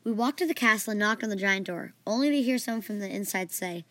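A woman narrating a story podcast in a lively, playful way. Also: medium pitch, fairly quick, few pauses, no room sound. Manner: lively, playful, doing character voices.

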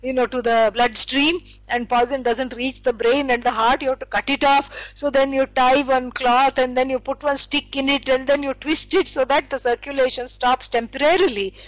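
A woman's voice: high-pitched, steady tone, normal speed, hardly any pauses, dry recording, rough recording. A woman teaching scripture, explaining with stories and acted quotes, using many fillers. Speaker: spiritual teacher. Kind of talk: scripture lecture.

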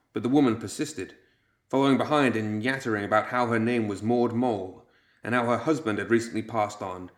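Male narrator, low-pitched, calm audiobook storytelling. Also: roomy sound. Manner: measured storytelling.

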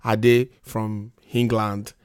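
A man's voice: lowish voice, level tone, drawn-out words, clear, resonant tone, dry recording, studio quality. A man hosting a casual call-in podcast, sick and losing his voice, joking and rambling with laughs. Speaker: podcast host.

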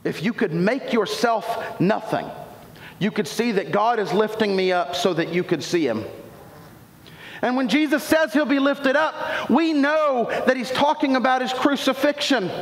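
A man with a high voice delivers a sermon, retelling scripture with dramatic flair and acted-out lines. His voice carries through a roomy church hall with a long echo. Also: animated, a little slow. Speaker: pastor. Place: church sanctuary. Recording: echoey hall.

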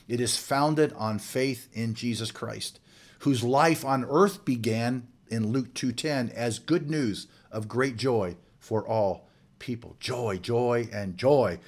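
Male preacher, mid-pitched voice, earnest and emphatic, building through repeated lines. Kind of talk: sermon.

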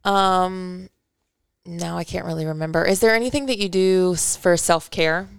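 A woman co-hosting a podcast in casual chat, asking many quick, curious questions. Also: on the low side, gravelly, smooth, no room sound, clean studio sound. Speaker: podcast co-host.

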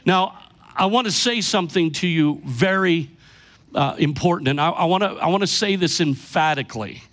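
Pastor, middle-aged man, high-pitched, emphatic sermon delivery. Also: lively intonation, a bit bright. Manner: emphatic preaching, slows down for key lines.

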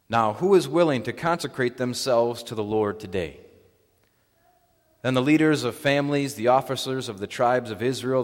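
A man serving as pastor, leading a baptism liturgy, prayers and a scripture reading in a solemn, measured way inside a church. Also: medium pitch. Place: church sanctuary. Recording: long reverb of a church hall.

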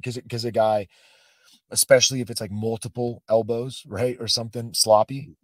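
A man guest on a podcast telling a story in a casual way. His voice jumps from loud bursts to quiet asides. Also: mid-range voice, level tone, normal speed, dry recording.

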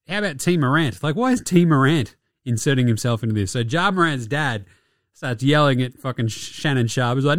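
A man's voice: mid-range voice, animated, brisk, no echo, studio quality. A young Australian man giving a casual, profane and mocking recap of basketball games. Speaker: basketball commentator.

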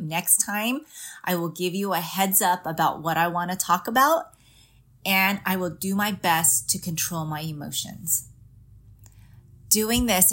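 A woman's voice: fairly low pitch, fairly bright tone. A middle-aged woman hosting a parenting podcast, speaking to mothers in an earnest, reassuring way and often calling the listener "Mama". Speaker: parenting coach and podcast host. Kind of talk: encouraging podcast talk to mothers.

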